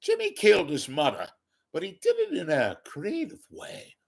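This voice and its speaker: A man putting on a slow, ominous, deadpan male true-crime TV narrator. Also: high-pitched, creaky, voice pushed up, exaggerated voice.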